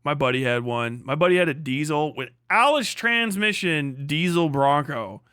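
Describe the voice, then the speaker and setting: A man's voice: fairly high pitch, moderate pace, clear, resonant tone, no room sound, clean studio sound. A man hosting a livestream, ranting and mocking with constant swearing. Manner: swearing heavily, mocking, animated. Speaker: livestream host. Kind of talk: profane livestream rant.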